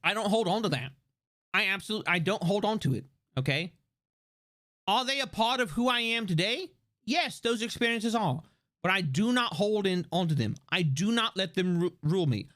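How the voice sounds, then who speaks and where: A man hosting a live stream, talking in a casual, rambling, profane and animated way. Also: high-pitched. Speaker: livestream host. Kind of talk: casual livestream chat.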